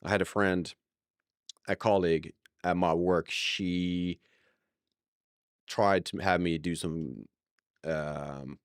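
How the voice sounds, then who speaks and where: A man's voice: deep voice, fairly even intonation, slow, pauses often, clear, resonant tone, no room sound, clean studio sound. A young man streaming live, chatting casually to viewers, rambling and correcting himself as he goes, laughing often.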